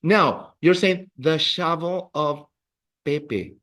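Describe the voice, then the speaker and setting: A man's voice: on the high side, slow pace, fairly bright tone. A man teaching a beginner Spanish class, patiently repeating words for drills and encouraging his students. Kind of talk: classroom language lesson.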